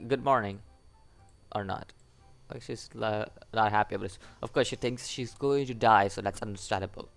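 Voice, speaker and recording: A man casually commenting on a story game as he plays it. He is chatty and self-mocking, often laughing at himself. His voice sits a little low. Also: moderate pace, vocal fry. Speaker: gaming video creator. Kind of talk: casual let's-play commentary.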